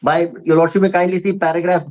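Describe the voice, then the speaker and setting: With a high, slightly mellow voice and a flat delivery, an Indian-accented advocate rapidly argues a respondent's case before the court. Emphatic and deferential, he keeps addressing the bench and peppers his points with "my lord." Audio is poor.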